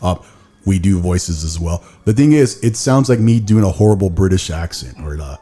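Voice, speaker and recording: A man's voice: low-pitched, lively intonation, moderate pace, mellow, slightly rough. A man hosting a podcast in casual chat, rambling and laughing at himself. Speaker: podcast host.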